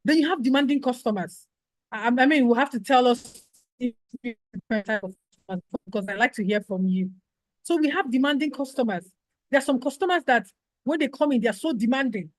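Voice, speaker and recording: A woman's voice: high voice, animated, fast talker, dry recording, poor audio. A woman giving a customer service training lecture, acting out exchanges between staff and customers. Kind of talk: workshop lecture.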